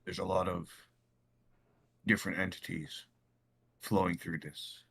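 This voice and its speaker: Deep gravelly male player. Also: flat delivery, unhurried, fairly bright tone. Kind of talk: in-character tabletop roleplay.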